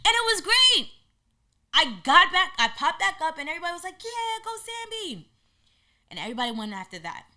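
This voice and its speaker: A woman hosting a podcast, telling a personal story in an animated way and acting out what people said. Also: on the low side. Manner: animated, acts out quotes in lively voices. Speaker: podcast host.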